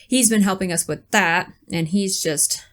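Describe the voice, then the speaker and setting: A woman co-hosting a podcast, chatting casually and telling animated stories, swearing freely and acting out quotes. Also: mid-range voice, normal speed. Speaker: podcast co-host. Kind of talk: casual chat.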